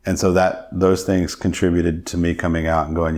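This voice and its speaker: A man's voice: sits low, little pitch movement, moderate pace, hardly any pauses, a little mellow. A middle-aged man, a podcast guest, telling his personal testimony in an earnest, reflective way.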